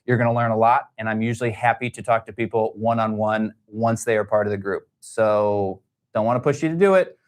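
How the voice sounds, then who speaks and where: A man's voice: lowish voice, fairly quick. Chatty man hosting a livestream. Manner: chatty, rambling, many fillers. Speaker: podcast studio owner hosting a livestream. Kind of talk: casual livestream Q&A.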